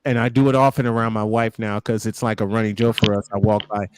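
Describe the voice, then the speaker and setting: A man's voice: on the low side, fast, smooth. A man on a podcast hangout, telling family stories in casual chat and acting out the quotes. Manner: animated storyteller who acts out quotes. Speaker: podcast panelist.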